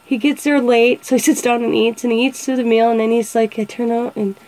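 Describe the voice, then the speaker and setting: Brisk and steady, this show host's voice sits a little high with a darkish tone. She's in her forties, chatty and quick to laugh, telling funny family stories and imitating what people said. The audio is rough.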